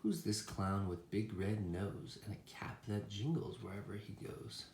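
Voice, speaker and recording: A man reading a children's picture book aloud in a slow, expressive, sing-song way, with animal sounds. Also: lowish voice. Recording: echoey room with faint noise.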